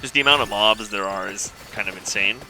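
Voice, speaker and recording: A man casually commenting on his own gameplay, thinking aloud in a relaxed, rambling way. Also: fairly low pitch, fast talker, slight background noise, low-quality recording. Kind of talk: casual let's-play commentary.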